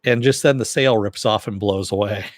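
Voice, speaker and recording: A man's voice: moderate pace, no room sound. Man casually recapping a TV episode, dry sound. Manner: rambling, many fillers, raises pitch when quoting characters. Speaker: TV episode reviewer.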